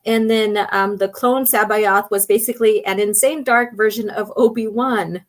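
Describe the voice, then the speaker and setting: A woman hosting a casual chat show. She talks in an unhurried, chatty way, laughs often, and is losing her voice. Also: medium pitch, fairly even intonation. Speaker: host.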